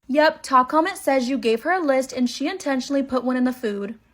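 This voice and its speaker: A woman reading an online story aloud, brisk and matter-of-fact, adding blunt opinions of her own. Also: high-pitched, a bit bright. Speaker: storytime narrator.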